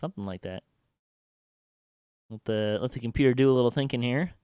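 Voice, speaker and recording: Guy dm-ing a tabletop game on stream, smooth clear voice, dry close sound, kinda halting with lots of uhs. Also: medium pitch, no room sound. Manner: relaxed, halting, thinking aloud with fillers. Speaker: game master.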